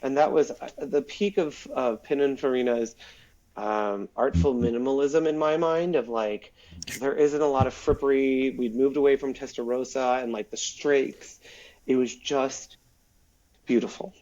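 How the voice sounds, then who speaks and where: A man's voice: medium pitch, unhurried. Guy on a podcast telling a long story, lots of ums and likes, voices the people he quotes, kinda dull lo-fi sound. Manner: animated storyteller, acts out quotes, many fillers. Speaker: guest, former automotive PR man.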